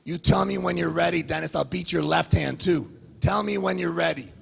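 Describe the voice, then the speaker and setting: A man's voice: on the high side, normal speed, creaky. A man from Canada trash-talking a rival at a press conference, heated and repeating his challenges. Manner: heated, repetitive, taunting questions. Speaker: arm wrestler at a press conference. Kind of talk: confrontational trash talk. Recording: reverberant hall.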